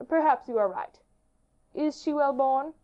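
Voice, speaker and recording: Woman reading a regal king, brisk and commanding, storybook voice, dull lo-fi sound. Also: high-pitched, expressive, warm tone, voice pushed up. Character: regal young male king, curious and commanding. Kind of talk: audiobook character reading. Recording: dull lo-fi audiobook recording.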